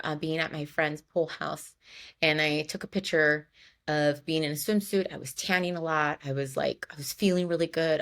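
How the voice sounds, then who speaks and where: A woman's voice: deep voice, fairly bright tone. A woman hosting a personal podcast, telling a candid story in a chatty way full of "like" and "you know". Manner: candid and emotional. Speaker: podcast host.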